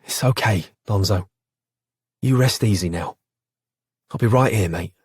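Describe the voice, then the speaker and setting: A man voicing an eager young telegram boy, his voice pitched up, in an audiobook. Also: unhurried, a little mellow, slightly rough, no room sound, clean studio sound. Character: young working-class London telegram boy. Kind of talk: audiobook character voice.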